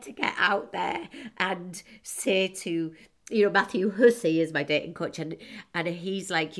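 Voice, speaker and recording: A woman in her forties giving a chatty, self-mocking personal talk to her audience, laughing often and breaking into quick asides. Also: mid-range voice, lively intonation, a bit bright. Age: 40s. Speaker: motivational speaker.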